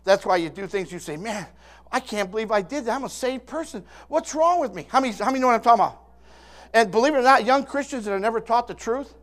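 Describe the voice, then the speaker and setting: Emphatic preacher man in his sixties. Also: sits high. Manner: emphatic preaching with call-and-response asides; repeats and restarts words often. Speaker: pastor. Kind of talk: sermon.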